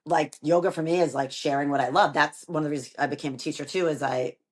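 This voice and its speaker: A woman with a low, deep speaking voice talks in a relaxed conversational way. She runs a yoga studio and tells her stories with animation, slipping into the voices of the people she quotes. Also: fast talker, husky. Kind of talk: casual conversation.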